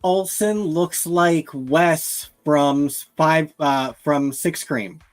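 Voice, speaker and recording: A co-host in casual podcast chat who makes dry, deadpan asides. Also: mid-range voice, slow, faint music behind.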